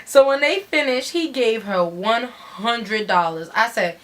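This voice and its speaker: Woman, fairly high voice, brash, profane slang, dramatic story reading. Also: expressive, unhurried, fairly bright tone.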